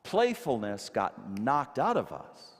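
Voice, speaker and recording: A male minister preaching a sermon to a congregation, emphatic and animated, asking rhetorical questions. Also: medium pitch, slow pace, breathy edge. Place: church sanctuary. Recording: long hall reverb.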